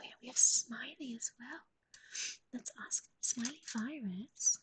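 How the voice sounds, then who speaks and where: A woman hosting a pet livestream in a whispered voice, cooing soft baby talk to her animal while chatting with viewers. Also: fairly high pitch, slow pace, heavy background noise. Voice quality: breathy whisper. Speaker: livestream host.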